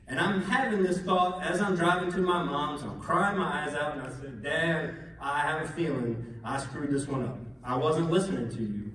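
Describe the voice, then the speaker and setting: A man in his forties gives a humorous, heartfelt eulogy, chuckling at his own stories. His voice sits a little high for a man. It is picked up from a distance in a big, echoing hall. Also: moderate pace, hardly any pauses, a bit bright. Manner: self-deprecating, chuckling often, earnest. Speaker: son giving a memorial tribute. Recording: echoey hall recorded from far off.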